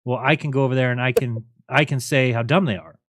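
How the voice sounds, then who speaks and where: A man's voice: medium pitch, steady tone, fast, no room sound, clean studio sound. A man hosting a call-in show, talking bluntly and mockingly and laughing often. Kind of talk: casual call-in talk.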